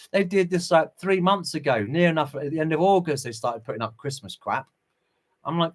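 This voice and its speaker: Male streamer, middle-aged, preachy and fervent, talks a bit high, casual chat style. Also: fairly quick. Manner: impassioned, preachy, chuckles between remarks. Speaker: livestream host. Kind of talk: casual livestream commentary reading chat.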